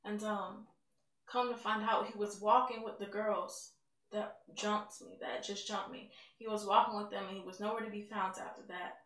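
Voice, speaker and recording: A woman's voice: medium pitch, fairly even intonation, normal speed, fairly bright tone. A woman giving a candid, emotional personal testimony in a conversational way. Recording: roomy sound, mic at a distance.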